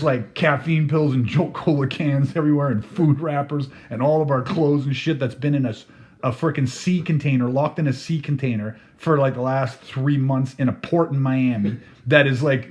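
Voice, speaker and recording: A man's voice: medium pitch, darkish tone. A man telling a story casually, laughing through his words and swearing freely. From Canada.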